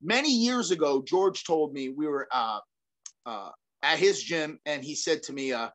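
Energetic, rambling middle-aged man. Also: on the high side, unhurried. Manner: energetic and rambling, with many restarts, fillers and casual swearing. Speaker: guest, former fighter and self-defense trainer. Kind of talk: casual interview conversation.

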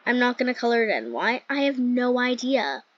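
A woman with a slightly high, sing-song voice and a moderate pace hosts a gaming channel. She keeps things casual, giggling and saying "like" a lot while commenting on gameplay. The sound is lo-fi, dull, and dry.

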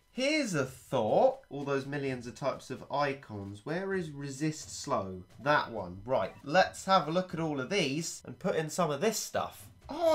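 Lively man giving gameplay commentary. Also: a little high. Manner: animated, playful exclamations; chatty, thinking aloud. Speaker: video game commentator.

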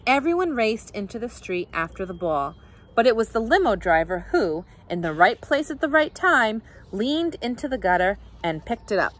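A woman, a teacher, reading a children's picture book aloud with expressive, animated storytelling. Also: a little high, normal speed.

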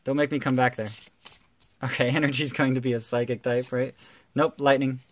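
Dude hyping up card pulls, goofy teasing banter, dead dry mic. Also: male voice, medium pitch, fairly quick, no room sound. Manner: playful, teasing banter aimed at viewers; excitable, calls out card names with bursts of energy. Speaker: YouTuber opening trading card packs. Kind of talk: casual pack-opening commentary.

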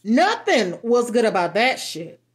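A woman reviews products in an easy, unhurried way, her voice sitting a little high. She is blunt and frank, swears freely and laughs often as she talks. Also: big pitch swings. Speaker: beauty and lifestyle vlogger. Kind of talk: casual product review chat.

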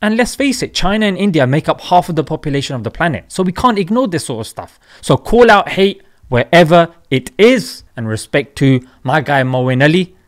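A man's voice: on the high side, big pitch swings, fairly quick, hardly any pauses. A young man hosting a satirical commentary vlog. He mocks and jokes, with emphatic asides. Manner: mocking, jokey, with emphatic asides. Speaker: channel host.

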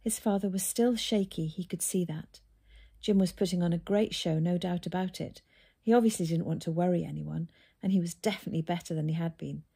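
A woman narrating a children's book in a steady storytelling manner. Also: on the low side, vocal fry, husky.

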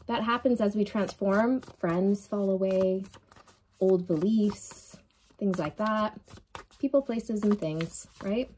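A woman delivers a channeled tarot reading in a mid-range voice. She speaks emphatically and encouragingly, repeating herself for emphasis and pausing often to check in with her listener. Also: mid-range voice, mellow. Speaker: tarot reader.

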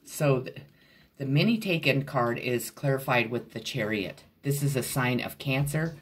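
A man's voice: mid-range voice, moderate pace, a bit bright, slight background noise. A man giving a casual tarot reading to camera at home, talking bluntly and swearing freely to the viewer. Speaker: tarot reader.

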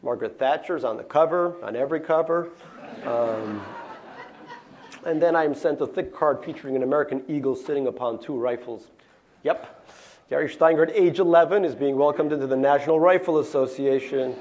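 A middle-aged Russian author reads his memoir aloud in a lecture hall, wry and deadpan, tossing in small spoken asides. His voice is a little high and fairly quick, with a bit of hiss or hum in the audio.

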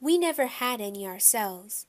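A woman voicing a fussy middle-aged woman guest who talks in a prissy, shrill way. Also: animated, moderate pace, close to an everyday voice. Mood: prim.

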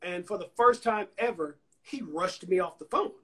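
Guy from alabama with a pretty high voice, chatty storyteller doing everyone's voices, talking over a phone live stream. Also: moderate pace. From Anniston, Alabama, US. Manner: animated storyteller acting out quoted voices. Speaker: songwriter and producer guest. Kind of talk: casual storytelling interview. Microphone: Instagram Live phone call.

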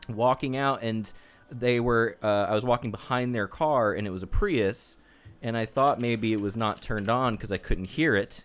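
A man's voice: medium pitch, smooth. A man as a podcast host telling an anecdote in casual chat, acting out both sides of the exchange in a raised voice. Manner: acts out the other person's lines in a raised voice. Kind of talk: casual chat, animated storytelling.

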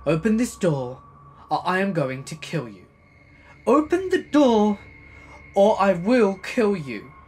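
A man voicing an unhinged, clingy young woman who stalks and threatens, in a shrill voice that swings from gloating to baby talk. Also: sing-song, a little slow, fairly bright tone, a little hiss or hum. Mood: threatening.

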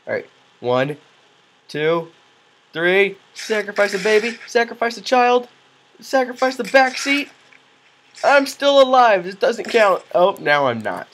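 A man doing goofy, excitable let's play commentary, yelling reactions and cracking self-mocking jokes. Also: high-pitched, slight background noise, rough recording. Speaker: gaming commentator.

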